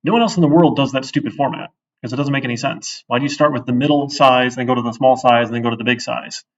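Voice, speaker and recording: Gravelly man teaching code out loud. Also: medium pitch, steady tone, fast. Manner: conversational, thinks aloud, often asks "right?". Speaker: programming instructor. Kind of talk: casual live-coding lecture. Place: classroom. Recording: distant, dull classroom recording.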